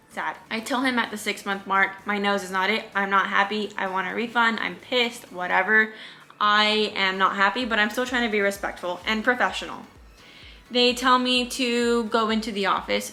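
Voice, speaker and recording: A young woman vlogger telling her own story in a lively, indignant, casual way. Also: mid-range voice. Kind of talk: storytime vlog.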